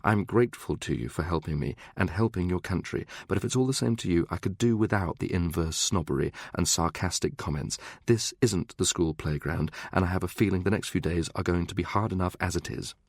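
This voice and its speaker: A prim, middle-aged diplomat speaks in clipped, precise, restrained tones, as a male narrator voices him. The voice sits low and gravelly. It is recorded close and dry. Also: a little fast, hardly any pauses, no room sound. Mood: stern.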